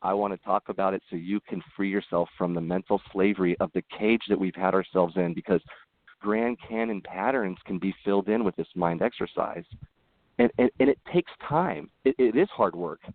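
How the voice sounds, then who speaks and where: A man who is a podcast guest, talking earnestly in casual conversation and telling animated stories with frequent restarts. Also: sits low, moderate pace, dry recording. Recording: tinny phone-like line.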